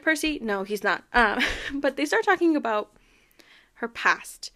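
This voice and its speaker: A fairly high-voiced woman host talks through a book recap in a casual, animated way. She laughs often and keeps things chatty and playful. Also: moderate pace. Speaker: podcast host.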